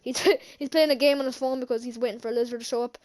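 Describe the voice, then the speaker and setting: A woman's voice: on the high side, steady tone, quick pace, a little mellow. A woman casually recapping a movie for her vlog, rambling with many fillers and restarts and chuckling now and then. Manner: chuckles often while recounting scenes. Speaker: channel host, film reviewer.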